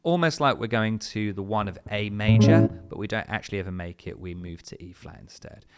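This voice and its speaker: Speaking fairly quickly in a lowish voice, a man gives a step-by-step guitar lesson. His manner is patient and explanatory, full of fillers, and his own guitar playing fills the gaps between phrases.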